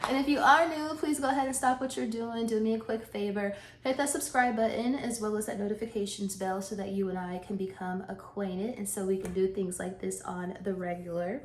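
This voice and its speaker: A woman's voice: medium pitch, fairly even intonation, a little fast, hardly any pauses, a little mellow. Chatty woman vlogging, echoey room. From Southern US. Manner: chatty and laughing, with many restarts and asides. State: a little out of breath. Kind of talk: casual chat to camera. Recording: echoey room with faint noise.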